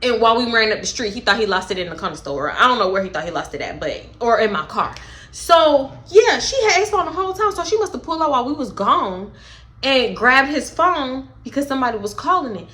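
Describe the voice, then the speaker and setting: A young woman telling a story in a casual vlog, animated and profane, with dramatic retellings. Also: fairly high pitch, fairly quick. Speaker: storytime vlogger.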